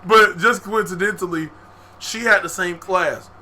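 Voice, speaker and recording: A young man and podcast co-host telling a story in casual, animated speech, with lots of profane slang and frequent laughter. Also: high-pitched, a little slow, very noisy.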